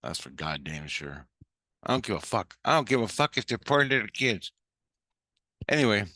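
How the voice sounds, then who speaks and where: A man's voice: lowish voice, very animated, normal speed, pushed and bright, no room sound, clean studio sound. A man telling a story in a blunt, heated way, swearing constantly. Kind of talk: casual storytelling.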